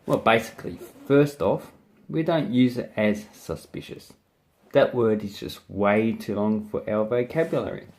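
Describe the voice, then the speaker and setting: Brief: young Aussie guy, low voice, unhurried and playful, teaching slang to camera. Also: darkish tone. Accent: Australian. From Australia. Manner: playful, jokey delivery. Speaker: video host teaching slang. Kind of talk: casual video lesson.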